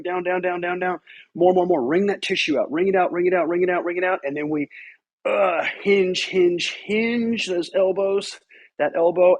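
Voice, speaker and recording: A man coaching a guided mobility routine, calling out repetitive energetic cues. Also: high voice. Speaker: fitness coach. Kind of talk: guided exercise instruction.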